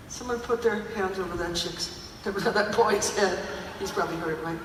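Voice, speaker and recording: Brief: older woman singer, animated, chatty on-stage storytelling, captured from deep in an echoey theater with a faint hiss. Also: normal speed. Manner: animated, chatty, laughing, many fillers. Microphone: audience phone recording from far off. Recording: echoey theater, phone from far off.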